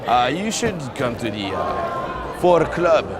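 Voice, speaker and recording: A man's voice: medium pitch, big pitch swings, slow pace, noisy background. A man putting on a hammy fake Russian accent and playing a Russian stranger outdoors on a city street, with a crowd chattering behind. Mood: mock-serious.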